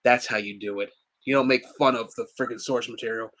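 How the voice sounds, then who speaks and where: With a mid-range, slightly bright voice and a steady tone, this man talks a little fast. He's co-hosting a podcast, keeping the chat casual and animated, often laughing and acting out quotes.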